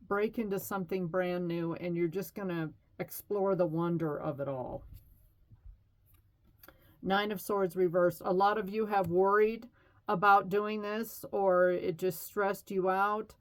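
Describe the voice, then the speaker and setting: A middle-aged woman giving a casual tarot reading in a chatty, reassuring way, with fillers and light laughs. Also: medium pitch. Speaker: tarot reader.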